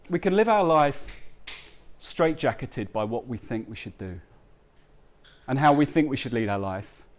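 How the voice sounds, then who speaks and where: Heartfelt man speaking live. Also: medium pitch. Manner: heartfelt, halting, many ums and restarts. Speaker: author giving a talk. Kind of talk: speech at a book launch. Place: live event before an audience.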